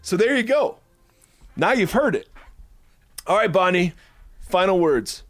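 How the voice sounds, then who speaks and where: A man's voice: sits high, very animated, measured pace, a bit bright, no echo, soft background music. A man hosting a casual faith podcast, upbeat and joking with his co-hosts, then ending the episode with a spoken blessing. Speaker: podcast host.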